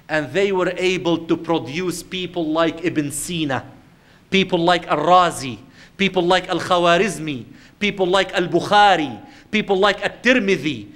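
High-voiced male Islamic lecturer. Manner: storytelling, with rhetorical questions; swings between loud emphasis and quiet, slow earnestness. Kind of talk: lecture to a religious audience.

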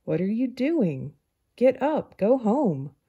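A woman's voice: on the low side, lively intonation, slow, husky, phone-quality sound, heavily acted. A woman voicing a fussy, anxious male ant who frets over his accounts, raised and exclaiming. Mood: alarmed. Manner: fretful, exclaiming.

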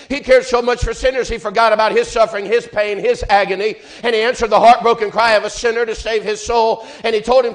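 A man preaching a fervent sermon in church, building rhythmic refrains and swinging between loud and hushed. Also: very high voice. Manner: fervent, rising and falling in volume, repeated refrains.

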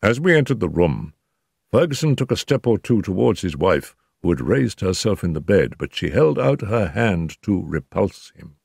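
An older man narrating a classic mystery in a measured storytelling manner. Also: low voice, sing-song, gravelly, darkish tone, slightly rough, no echo, clean studio sound. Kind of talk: audiobook narration.

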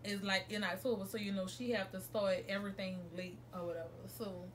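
A woman's voice: mid-range voice, fairly even intonation, a little fast, a little hiss or hum. A young woman, telling a rambling, chatty storytime to her vlog viewers from home and correcting herself as she goes. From New Orleans, USA. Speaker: vlogger. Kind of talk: casual storytime monologue.

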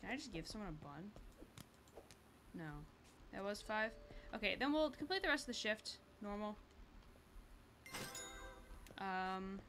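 A woman talks through a livestreamed game in a bright, forward voice, her pitch sitting in a middling range. She chats casually, swears freely and laughs at her own slips. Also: animated, unhurried, pauses often, a little hiss or hum. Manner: chatty, sweary, self-mocking. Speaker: streamer. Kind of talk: casual gameplay commentary.

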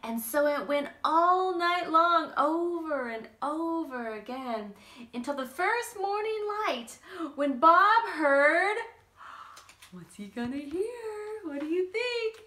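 Brief: woman reading a children's storybook, lively pitch, bright tone, roomy sound. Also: takes it slowly. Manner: animated, with playful asides to listeners. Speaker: children's book reader. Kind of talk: reading a picture book aloud to children.

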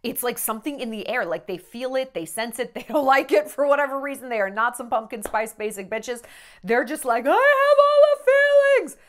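A woman's voice: fairly high pitch, fairly quick. A woman talking in a candid, rambling vlog monologue, profane and emotional, tearful at times. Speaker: celebrity gossip vlogger.

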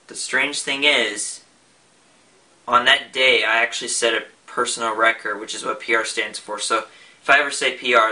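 A man's voice: mid-range voice, pushed and bright. A young man talking casually in a vlog, rambling with frequent restarts and fillers. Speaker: vlogger. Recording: voice a bit far from the mic.

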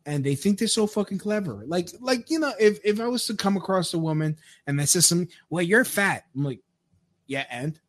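A man's voice: high-pitched, animated, quick pace, few pauses. A man giving a crude, rambling rant, with frequent stammered restarts. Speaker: commentator. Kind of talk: profane rant commentary.

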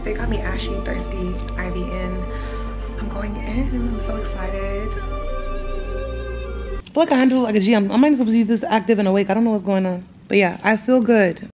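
A young woman, chatting excitedly to her viewers in a casual home vlog filmed on a phone. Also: medium pitch, moderate pace, muffled recording, over music. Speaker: vlogger.

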